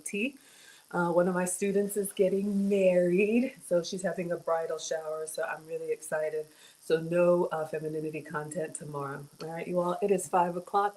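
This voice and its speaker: A woman's voice: fairly low pitch, a little mellow, low-quality recording. A middle-aged woman hosting a casual cooking livestream, chatty and greeting viewers by name. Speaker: cooking show host.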